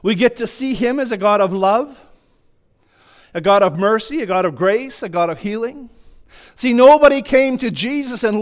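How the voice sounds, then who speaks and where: A man with a strikingly high voice preaches a sermon. He speaks with emphasis and fervor, piling clause on clause in long repeated runs to press his point. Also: moderate pace.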